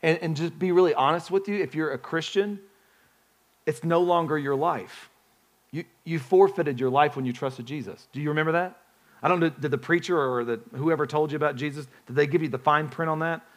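A male pastor delivers a sermon in a loose, conversational way, with a voice that sits a little on the high side. He keeps putting questions to his listeners and often restarts his phrases as he talks. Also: a little fast. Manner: conversational, asks the congregation questions, frequent restarts.

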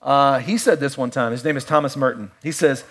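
A middle-aged man preaching a sermon in a conversational way, with playful asides and quiet, reflective stretches. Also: mid-range voice, fairly quick. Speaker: pastor.

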